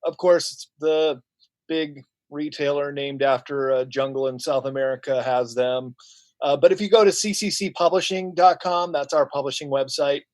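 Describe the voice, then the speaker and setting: A man who is an author and publisher, a guest on a talk radio show, speaking calmly and matter-of-factly into a close microphone. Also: medium pitch, dry recording.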